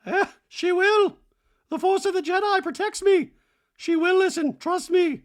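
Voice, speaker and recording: A podcaster voicing a soft, self-assured woman coaxing a friend, in a high falsetto. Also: a little slow. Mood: insistent.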